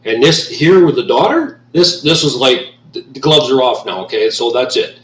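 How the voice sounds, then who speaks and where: A man from Canada vents in a heated, profanity-laced rant, circling back over the same points. His voice sits at an ordinary middle pitch and sounds a little off the mic. The room around him is noticeably echoey. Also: lively intonation, normal speed, distant mic. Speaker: vlogger. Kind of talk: angry ranting monologue.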